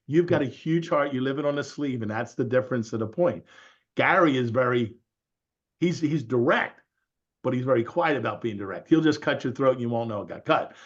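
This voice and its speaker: Husky animated man on a call. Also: mid-range voice, brisk, muffled recording. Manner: animated storyteller, quoting others. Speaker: real estate agent. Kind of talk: casual group call talk.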